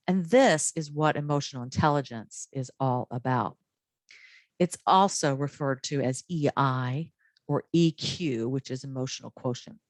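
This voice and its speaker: Woman, low voice, calm training presentation, encouraging, dry close sound. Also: no room sound. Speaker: wellness trainer.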